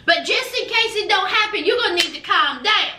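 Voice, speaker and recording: A woman's voice: very high voice, expressive, fairly quick, roomy sound, distant mic, background noise. A woman voicing a matter-of-fact lawyer who explains the rules firmly. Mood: lecturing. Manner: firm, lecturing.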